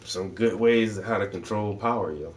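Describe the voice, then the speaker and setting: A man with a lowish voice talks loosely in a casual chat, swearing freely and slipping into slang. He sounds a little distant from the microphone. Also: normal speed, slight background noise. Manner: loose, swearing storyteller voicing people in his stories. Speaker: host.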